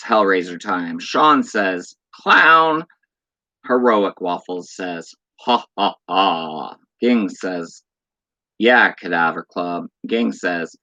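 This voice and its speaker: A man's voice: fairly low pitch, bright, forceful tone, dry recording, lo-fi sound. A man hosting a horror livestream, reading viewers' chat messages aloud and teasing them with spooky lines. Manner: playful, spooky teasing of chatters. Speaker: livestream host.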